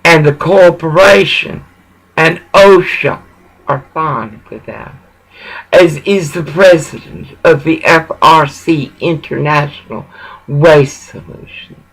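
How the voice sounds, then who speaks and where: Man, gravelly voice, slow drawn-out delivery, rambling, angry, profane. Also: a little high, fairly bright tone, low-quality recording. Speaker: vlogger ranting about local grievances.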